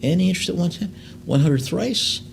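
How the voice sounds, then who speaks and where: A man working as an auctioneer in a live sale, reading out lot descriptions and then calling bids in quick runs. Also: sits high, creaky. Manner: fast bid calls between slower lot descriptions, with fillers.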